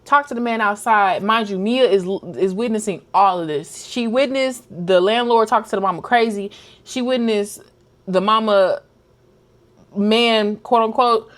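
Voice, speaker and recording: A woman's voice: medium pitch, a little slow. A young woman vlogger chatting casually, retelling a book's plot and acting out the characters' lines. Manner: animated storytelling, acts out characters' lines. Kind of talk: casual chat recapping a book.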